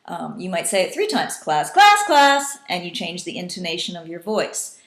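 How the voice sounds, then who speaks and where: A woman's voice: fairly low pitch, fairly even intonation, a little fast, fairly bright tone. Woman teacher in an echoey room. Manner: patient, demonstrating call-and-response in varied voices. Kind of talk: instructional talk to teachers.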